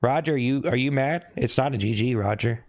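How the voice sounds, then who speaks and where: Man, live streamer, teasing chat banter, repetitive needling questions, mid-pitched voice, sudden high yelps. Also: fairly quick, darkish tone.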